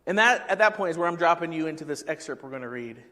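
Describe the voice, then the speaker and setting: A man's voice: fairly high pitch, lively intonation, fast talker, bright, forceful tone, in a large hall. A man preaching a sermon as pastor, talking conversationally and asking the congregation questions.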